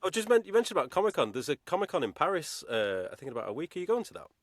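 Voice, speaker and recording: A man's voice: a little high, very animated, very fast, dry recording, clean studio sound. A man hosting a podcast in casual, chatty interview talk. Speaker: podcast host.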